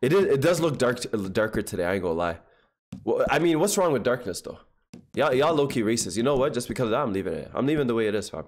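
Excitable man from streaming games. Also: mid-range voice, fast. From Toronto, Canada. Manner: excitable, chatty, addresses chat as fam. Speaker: game streamer. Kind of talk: live gameplay commentary.

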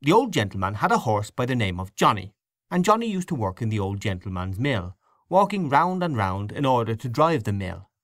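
A man voicing a genial gentleman who tells a comic family tale with a droll, mock-solemn manner. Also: mid-range voice, sing-song, brisk, no echo, clean studio sound.

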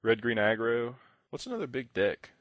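A man's voice: medium pitch, sing-song, normal speed, fairly bright tone, highs cut off, faint music behind. A young man co-hosting a podcast in casual chat, rambling through a story and acting out what other players said. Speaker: podcast co-host.

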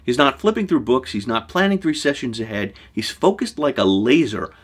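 A man presents his lessons on running tabletop games in a scripted talk to camera. His voice sits in the middle range but leaps around with lively, emphatic swings. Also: medium pitch, moderate pace, breathy edge. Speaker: show host giving game master advice.

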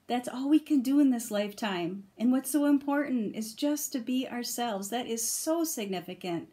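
A woman's voice: fairly high pitch, expressive, normal speed, hardly any pauses, dark tone. Gushing woman reviewing cards on video. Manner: gushing, enthusiastic, laughs often. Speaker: vlogger reviewing oracle cards. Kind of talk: casual card reveal and review.

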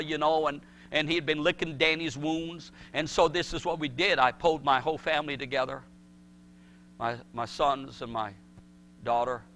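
A middle-aged man preaching a sermon, swinging from shouted pleas to hushed words. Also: a little high, slight background noise. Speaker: pastor.

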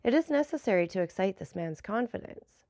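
A woman reading the lines of a calm, commanding nobleman in an audiobook, measured and slightly ironic. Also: medium pitch, no room sound, studio quality, close to an everyday voice. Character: commanding, enigmatic nobleman, the Count.

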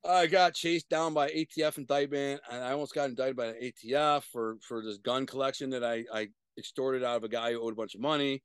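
A middle-aged man, a guest on a video-call interview, telling profane street stories in an animated way with sudden loud bursts. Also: medium pitch, brisk, hardly any pauses, smooth, no echo. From Detroit, USA. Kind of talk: casual storytelling.

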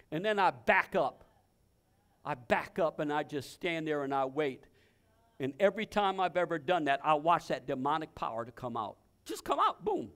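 Man, pastor, sermon, forceful bright tone, emphatic, repeats phrases, shouts commands. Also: sits high. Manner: repeats phrases and restarts in bursts.

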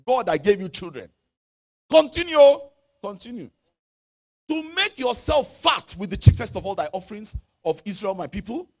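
Dramatic, high-pitched Nigerian-born preacher. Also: male voice, lively intonation, fairly quick, few pauses. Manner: preaching with dramatic swings from loud shouts to low asides; reads scripture aloud in a chanting, sung tone. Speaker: pastor. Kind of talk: sermon.

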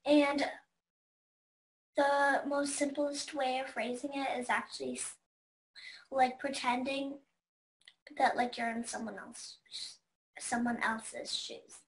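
Little girl, eight, shy short answers, super high bright voice, roomy echo. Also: level tone, slow pace, long pauses. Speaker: guest. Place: her bedroom.

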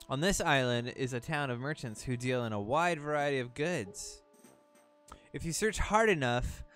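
A man with a medium-pitched, fairly bright voice reads game text boxes aloud on stream, tripping over words as he voices a solemn, wise talking boat guiding a hero.

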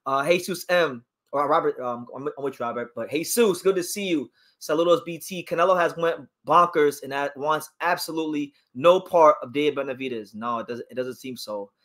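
Brisk and fairly bright, this high-sided male voice barely pauses. He's a boxing channel host on a relaxed livestream, reading viewer comments aloud, reacting, and sharing opinions about fighters.

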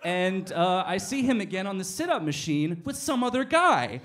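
A man telling stand-up stories on a small cafe stage, animated and swearing freely as he acts out each scene. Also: very high-pitched, fairly quick, hardly any pauses. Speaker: stand-up comedian. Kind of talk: stand-up storytelling.

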